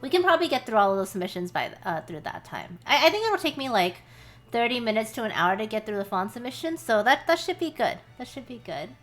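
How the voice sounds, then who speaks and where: Chatty, high-voiced woman streamer. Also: big pitch swings, fast, fairly bright tone, soft background music. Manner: chatty, swears, laughs often, talks to chat by name. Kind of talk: casual live-stream chat. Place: warm small room.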